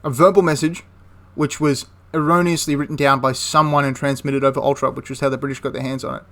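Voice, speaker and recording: At a quick pace, a young history channel host speaks in a level, fairly bright mid-range voice. He retells a wartime history story casually and chattily, often correcting himself partway through a sentence.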